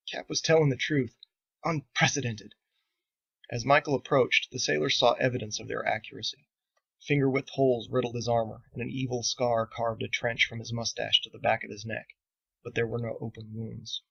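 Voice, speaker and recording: A man reading his own novel aloud in steady, measured audiobook narration. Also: medium pitch, gravelly, husky, lo-fi sound.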